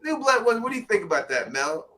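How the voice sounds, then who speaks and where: Man, New York accent, podcast host, casual recap chat, animated and rambling, bright forceful voice. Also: high-pitched, fast talker. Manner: animated, chuckling, loose rambling speech.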